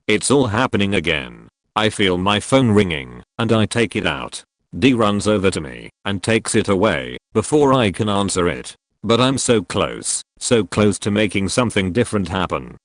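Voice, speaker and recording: A young man reading a first-person account aloud in measured scripted narration, dropping to a hush on repeated refrains. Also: no echo, studio quality. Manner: low, measured, drops to a hushed tone for repeated refrains. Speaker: narrator reading a trip report.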